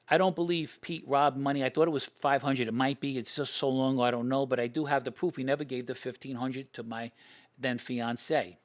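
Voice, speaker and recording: An older man, casually telling stories about old friends, animated, acting out quoted lines and often restarting his sentences. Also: medium pitch. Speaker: podcast guest telling stories. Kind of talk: casual storytelling.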